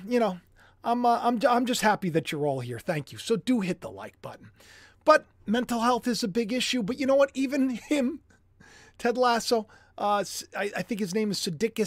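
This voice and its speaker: A man hosting a livestream commentary show, excitable and animated, chatty with jokey asides. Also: high voice, dry recording, clean studio sound. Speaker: host.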